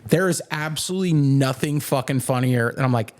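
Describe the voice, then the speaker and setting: A man's voice: mid-range voice, a little fast. A young man hosting a podcast, telling a rambling, profane story with plenty of swearing and laughter. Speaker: podcast host. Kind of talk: casual chat, storytelling.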